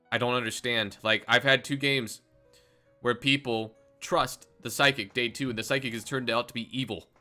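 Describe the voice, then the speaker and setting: A man's voice: mid-range voice, bright, forceful tone. A young man giving casual, chatty commentary over an online game, with frustrated asides and stumbling restarts. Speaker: gameplay commentator. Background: faint intro music.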